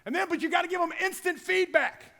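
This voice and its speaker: A middle-aged man, a football strength coach, giving an energetic conference talk, acting out his players' voices and bursting into shouts. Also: very high-pitched, quick pace. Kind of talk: conference presentation. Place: large conference hall. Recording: long hall reverb.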